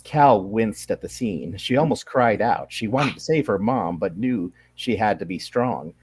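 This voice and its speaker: Brief: male author, lowish voice, halting explainer turned story narrator. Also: expressive, darkish tone. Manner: hesitant with fillers when explaining. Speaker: author reading his story. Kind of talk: casual setup then read-aloud narration.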